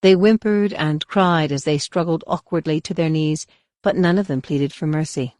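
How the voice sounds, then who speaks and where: A woman's voice: low-pitched, moderate pace, darkish tone, no room sound. A woman narrating a science-fiction audiobook dramatically, voicing the characters. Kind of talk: scripted narration.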